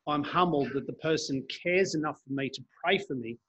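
Male preacher, slightly high and husky, earnest sermon reading scripture. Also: moderate pace, fairly bright tone, muffled recording. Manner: earnest, reads scripture aloud and explains it. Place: church.

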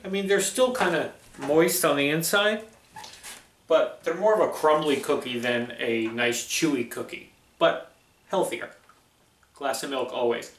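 A man's voice: on the high side, unhurried, a bit bright, reverberant. A man hosting a casual home cooking vlog, chatty and easygoing, talking viewers through baking cookies. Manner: chatty, easygoing, laughs often. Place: home kitchen.

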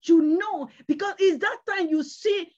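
A woman's voice: very high voice, measured pace, a little mellow. A woman evangelist delivering a sermon with emphatic, repetitive exhortations and pleading calls to repent. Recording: dull lo-fi recording.

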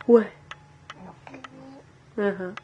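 A woman's voice: mid-range voice, dull audio, a little hiss or hum. A mother vlogging at home, coaxing her baby in sing-song baby talk and chatting to the camera. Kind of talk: casual vlog chat.

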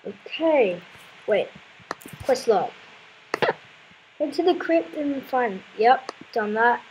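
A woman's voice: a little high, animated, takes it slowly, a little hiss or hum, poor audio. A woman playing a video game, commenting casually and exclaiming in frustration with repeated words. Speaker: let's play gamer.

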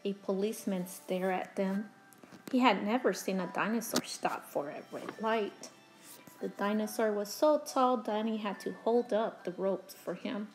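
A woman teacher reading a children's picture book aloud to her pupils, slow and expressive. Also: mid-range voice, soft background music, rough recording. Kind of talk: children's storybook read-aloud.

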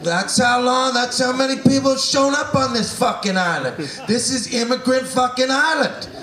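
A Canadian man in his forties doing profane stand-up, rambling and swinging between mumbles and shouts. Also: very high voice, normal speed, distant mic, background noise. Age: 40s. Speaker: stand-up comedian. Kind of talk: stand-up comedy set. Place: comedy club stage. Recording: roomy live venue, mic off-axis, loud crowd laughter. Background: audience laughing.

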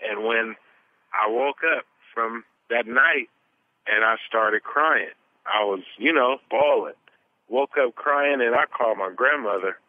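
A man giving an earnest, animated testimony as an interview guest, telling his story at length. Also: mid-range voice, measured pace. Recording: tinny phone line.

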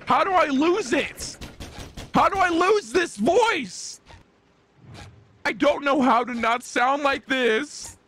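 Woman streamer, high lively voice, slow repeated lines, loud music behind. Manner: keeps repeating lines in swinging pitch, breaking into squeaky yelps. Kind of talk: casual live-stream chat practicing a deep male voice.

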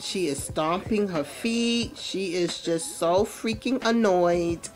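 A woman's voice: lowish voice, slow pace. A woman hosting a let's play, chatting casually and animatedly as she comments on her game. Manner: chatty, animated, laughs often. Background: faint music.

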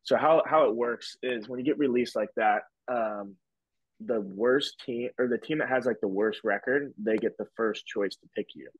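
There's a breathy edge to this medium-pitched male voice, moving at a moderate pace. The speaker, a podcast guest in his twenties, rambles casually through a story, heavy on "like" and "whatever." The audio is dull and lo-fi, dry with no echo.

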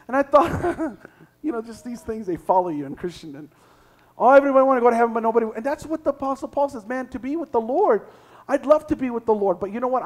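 A man preaching a sermon as pastor, reading scripture aloud and building to shouted exhortations. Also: high-pitched. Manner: reads scripture, then preaches with rising shouts. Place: church sanctuary.

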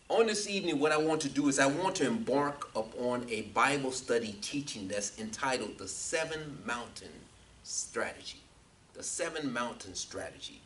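A male pastor leading an evening Bible study, building from quiet reading to loud, emphatic preaching with frequent amens. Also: mid-range voice, distant mic, slight background noise.

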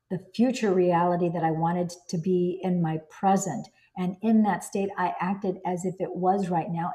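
Mellow-voiced woman reading and commenting. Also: medium pitch. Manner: enthusiastic, exclaims and digresses. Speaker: book reader and commentator. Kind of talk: reading aloud with personal commentary.

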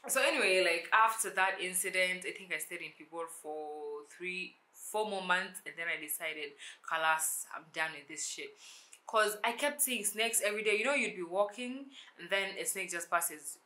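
A young woman telling a storytime vlog, animated and acting out the dialogue in shifting voices. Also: on the low side, moderate pace. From South Sudan. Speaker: YouTuber.

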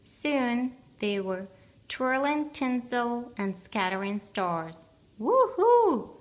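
A woman reads a picture book aloud in an expressive, gently animated way. Her voice is on the higher side and she takes her time, with a very slow, deliberate pace. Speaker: storybook reader.

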